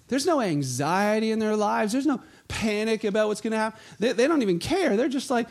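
A male pastor delivers his sermon in a high, gravelly voice. He retells the scene with animated storytelling and slips into the voices of the crowd. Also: fairly quick, few pauses.

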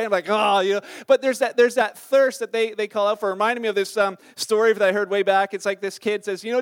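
A man's voice: extremely high pitch, a little fast, smooth, dry recording, studio quality. A middle-aged man, a pastor, preaching a sermon in church in a chatty, storytelling way with lots of fillers. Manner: conversational, animated storytelling with many fillers.

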